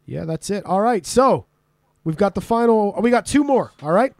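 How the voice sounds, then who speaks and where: A man's voice: high-pitched, expressive, moderate pace, vocal fry, dry recording, clean studio sound. A man hosting a casual podcast, quizzing a guest with lots of laughs and swearing. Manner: laughing, swearing, teasing quiz-giver. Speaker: podcast host. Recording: remote podcast call.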